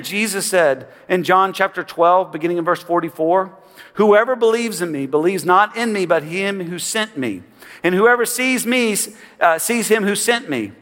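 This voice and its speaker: High-voiced man preaching in a hall. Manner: animated preaching with dramatic pauses and acted-out quotes. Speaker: pastor. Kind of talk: sermon.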